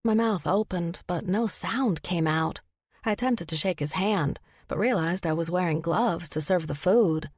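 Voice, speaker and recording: A woman narrating a first-person audiobook, expressive in the character's flustered lines. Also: fairly low pitch, measured pace, husky, no room sound, clean studio sound.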